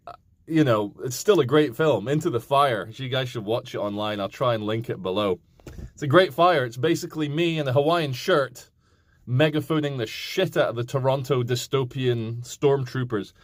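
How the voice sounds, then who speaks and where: A man's voice: medium pitch, moderate pace, no room sound. A man in his thirties rants casually to his camera, swearing and slipping into mocking impressions. His voice sits in a middle register. The sound is close and completely dry. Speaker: vlogger.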